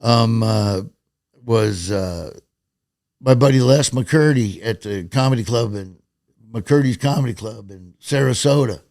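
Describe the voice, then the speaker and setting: A man's voice: mid-range voice, a little slow, no room sound, clean studio sound. A middle-aged man, a stand-up comedian telling stories casually in an interview and acting out quotes in raised voices. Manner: animated storyteller, acts out quotes in raised voices.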